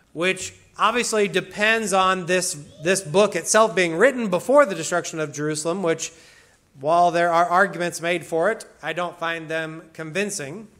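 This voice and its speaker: A man delivers a sermon in a high, bright voice. He explains each point with emphasis and slips into casual asides. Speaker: pastor.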